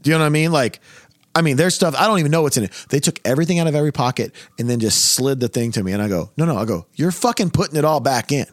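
A man in his thirties hosting a casual podcast chat, telling stories in a loud, profane, animated way. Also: on the high side, rapid-fire, no echo, studio quality. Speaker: podcast host.

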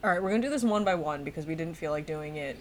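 A woman's voice: low voice, lively intonation, racing, slight background noise. A woman co-hosting a casual chat, laughing often and restarting her sentences as she thinks.

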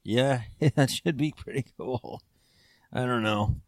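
A man's voice: mid-range voice, takes it slowly, dry recording, clean studio sound. A man co-hosting a podcast in casual, joking chat. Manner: joking, slips into a put-on British voice. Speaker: podcast co-host.

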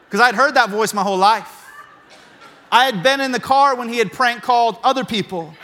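A male pastor telling a story in his sermon, animated and building to shouted emphasis. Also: high voice, long reverb tail.

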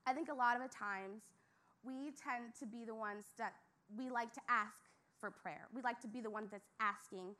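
Young woman preaching, chatty and self-mocking, says like a lot, voice a bit high. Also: moderate pace, pushed and bright. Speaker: youth speaker. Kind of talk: casual sermon with personal story.

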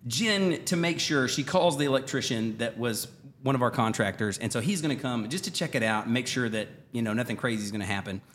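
A middle-aged man co-hosts a casual podcast and tells a story with lots of energy, acting out the lines he quotes. His pitch moves up and down a great deal, and he breaks into laughter often. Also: expressive, fairly quick, a bit bright. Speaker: podcast co-host.

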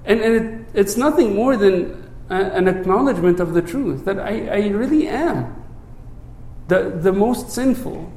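A man with a fairly high voice gives a relaxed, conversational sermon. He stumbles over repeated words and keeps asking "right?" to check in with his listeners. His voice sinks low and quiet whenever he recites the prayer, and the room around him rings with echo. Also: a little slow. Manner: repeats words at the start of phrases; drops low and soft when reciting prayer. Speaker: priest.

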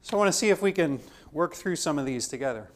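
A man's voice: a little high, animated, quick pace. A man teaching a theology class, talking conversationally and acting out dialogue from his own stories. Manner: conversational, acts out dialogue in anecdotes. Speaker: theology lecturer.

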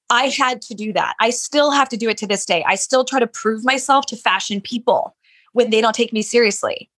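A woman's voice: medium pitch, a bit bright. A woman business owner telling her story in a casual interview, chatty and candid, with many "like" fillers. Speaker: handbag designer, business owner.

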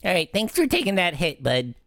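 A woman's voice: lowish voice, wildly swooping pitch, a little fast, dry recording, studio quality. A woman playing a tabletop game, joking and bantering in character. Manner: bubbly, jokey in-character banter. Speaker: player. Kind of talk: casual tabletop role-play.

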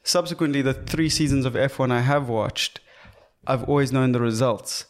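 A man's voice: mid-range voice, moderate pace. A young man co-hosting a podcast in casual chat, joking and swearing freely. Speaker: podcast co-host.

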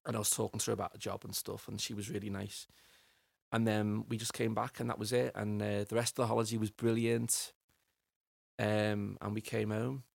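A man's voice: fairly low pitch, little pitch movement, fairly quick, gravelly, dry recording. A middle-aged man, telling his life story as a podcast guest in a rambling way, often repeating words as he finds them. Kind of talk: personal storytelling interview.

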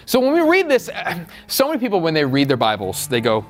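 A man's voice: fairly high pitch, huge pitch swings, a little fast, faint music behind. A male pastor giving a sermon, chatty and joking at first, then building into fervent, repeated calls.

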